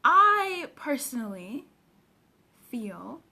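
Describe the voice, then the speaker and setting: A woman's voice: high voice, big pitch swings, very slow, vocal fry, pushed and bright, a little hiss or hum. A woman, a personal development coach, chatting casually on a live phone stream and stopping often to greet viewers by name.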